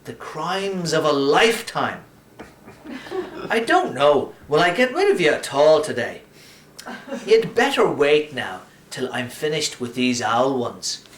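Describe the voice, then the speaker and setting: A man reading aloud and voicing a young male priest, gruff and drily teasing. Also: fairly high pitch, very animated, a little slow, slight background noise. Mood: wry. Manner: gruff, then gently teasing. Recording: roomy echo.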